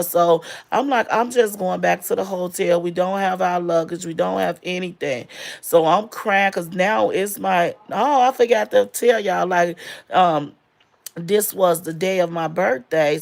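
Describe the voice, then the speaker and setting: A woman's voice: on the low side, vocal fry. A woman in her forties telling a personal story in a casual, emotional way, with many fillers, close to tears. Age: 40s.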